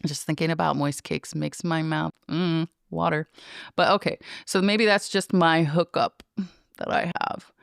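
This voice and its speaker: Rambling, playful middle-aged woman podcaster, gravelly. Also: low voice, fairly even intonation, unhurried, dry recording, studio quality. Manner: rambling, playful and self-mocking, with laughs and asides to listeners. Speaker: podcast host. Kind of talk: casual solo podcast monologue.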